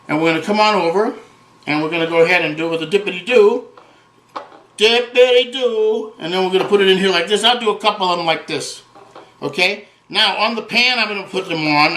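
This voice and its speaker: A man with a high, bright voice hosts a home cooking show. He chats in a folksy, joking way and sprinkles in Italian words. The room is echoey, with faint guitar music behind him.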